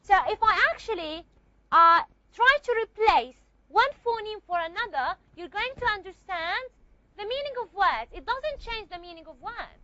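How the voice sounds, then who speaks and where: A woman's voice: very high-pitched, animated, normal speed, sharp tone, highs cut off. A woman teacher giving a classroom lecture, explaining step by step and often checking with the class.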